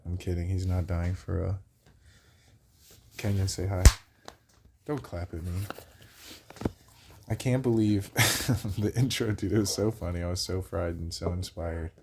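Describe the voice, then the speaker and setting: A young man with a fairly low voice, hosting a casual vlog. He tells a rambling story with a lot of energy, swears without a second thought, and jumps into the voices of the people in it. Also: unhurried, gravelly, long pauses, background noise. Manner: animated, laughs while telling, swears freely, acts out the people he quotes. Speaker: vlog host.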